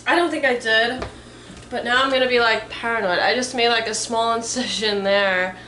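Bright-voiced nervous woman in echoey kitchen. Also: fairly high pitch, steady tone, normal speed, slight background noise. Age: around 30. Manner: nervous, swears a lot, says "like" often. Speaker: vlogger. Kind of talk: casual chatty vlog. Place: home kitchen. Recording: echoey room, mic some distance off.

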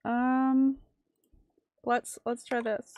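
A woman streamer reading a visual novel aloud and reacting with sudden excited exclamations. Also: fairly high pitch, extremely slow. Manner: reads game text aloud, breaks into excited exclamations.

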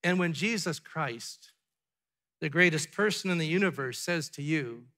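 Pastor guy giving a sermon, high-ish bright voice, asks the crowd stuff, goes quiet then loud. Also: animated, measured pace. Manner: dramatic, drops to a hushed tone for emphasis, then builds up; asks the congregation rhetorical questions. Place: church sanctuary.

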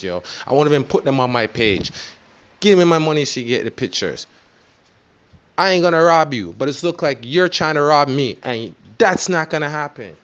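Insistent man, dull lo-fi recording. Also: on the high side. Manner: insistent and repetitive, pleading. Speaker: photographer. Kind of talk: heated voice-note rant.

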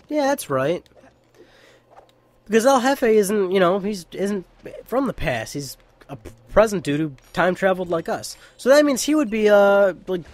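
A young man giving casual, rambling, joking gameplay commentary into a home mic. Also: high-pitched. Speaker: let's play host. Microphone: home mic with pop filter.

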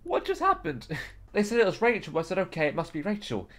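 A man's voice: sits high, wildly swooping pitch, quick pace, a bit bright. A young British man chatting playfully in a multiplayer game voice chat, joking and laughing often. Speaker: gaming YouTuber. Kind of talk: playful let's-play chat.

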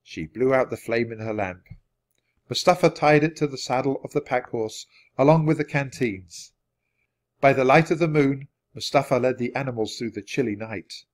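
A man reading a children's chapter book aloud at a steady, natural pace. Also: medium pitch, moderate pace. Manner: steady, clear read-aloud pacing. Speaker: storybook reader. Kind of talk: children's storybook narration.

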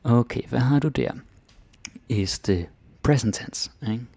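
A man's voice: medium pitch, a little slow, gravelly, warm tone, husky, no room sound. A man with a Danish accent explaining his language in a casual lesson, chatty and full of little tag words. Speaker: Danish teacher.

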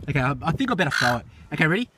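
A man giving excitable running commentary on camera while feeding birds outdoors, often exclaiming and repeating himself. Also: fairly high pitch, rapid-fire. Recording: noisy outdoor recording with birds.

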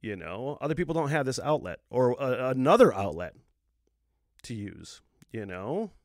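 A man's voice: mid-range voice, big pitch swings, moderate pace, a little mellow, dry recording, clean studio sound. A man hosting his own solo podcast in a casual, rambling way, swearing freely and chuckling between thoughts. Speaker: podcast host.

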